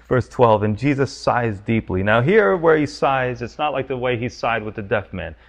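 A man's voice: mid-range voice, lively intonation, moderate pace. A man preaching a sermon, teaching verse by verse with emphatic, urgent questions. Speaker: pastor.

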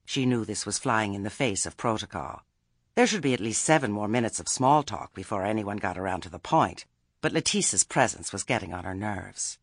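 Male narrator, wry storytelling, lively intonation, dry close sound. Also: on the low side, normal speed, slightly rough, dry recording. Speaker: audiobook narrator. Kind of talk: scripted narration.

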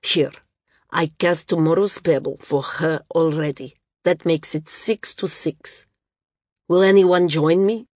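A big, gruff islander man, blunt and grumbling, challenging the landsman in a storybook reading, as a woman puts him on. The voice is low and husky, dry-sounding. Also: fairly even intonation, slow, darkish tone, no echo.

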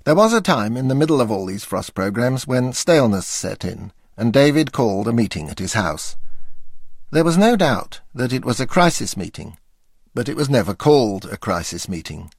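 Older man, memoir reading, dry wry delivery, gravelly voice, dead-dry recording. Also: mid-range voice, big pitch swings, normal speed, dry recording. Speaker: memoir narrator.

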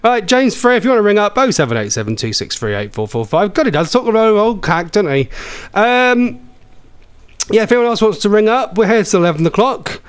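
A man's voice: sits high, big pitch swings, brisk, clear, resonant tone, dry recording. A man hosting a radio phone-in, chatting casually and rambling with lots of ums. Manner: chatty, rambling, says um often. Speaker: radio show host.

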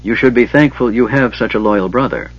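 A man's voice: medium pitch, a little fast, close to an everyday voice. A man as a cold, stiff knight. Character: stern, proud male knight. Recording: dull lo-fi recording.

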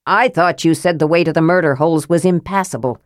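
A woman's voice: low-pitched, fairly quick, no room sound, studio quality, close to an everyday voice. A woman reading an audiobook voices a male half-elf leader who speaks with urgent command.

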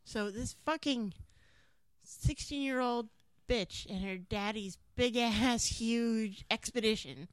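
A mother tells a driving story in quick, profane bursts and gets louder as she goes. Her voice sits a little high. The sound is dry and close, with no room echo. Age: adult parent. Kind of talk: casual chat.

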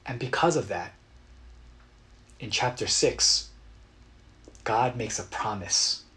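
A man preaching a sermon as a pastor, earnest and dramatic, acting out quotes with bursts of loud emotion. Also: mid-range voice, animated, slow pace. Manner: earnest, dramatic retellings with sudden loud outbursts.

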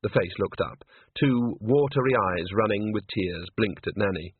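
A man narrating an audiobook in a measured, wry storytelling manner. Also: on the low side, lively intonation, husky, dry recording. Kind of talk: scripted narration. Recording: tinny phone-like sound.

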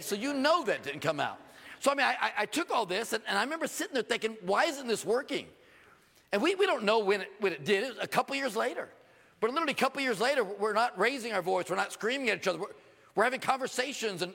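A middle-aged man preaching a sermon in a church sanctuary, his high voice roughened by a gravelly edge. He preaches animatedly and slips into quoted voices with sudden swings of pitch. A long hall reverb trails every phrase. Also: fairly bright tone. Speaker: pastor.

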